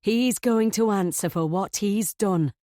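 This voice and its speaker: A woman voicing a middle-aged wife who shouts fiercely and gives commands, furious at her husband. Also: medium pitch, a little slow, no echo, clean studio sound, lightly acted.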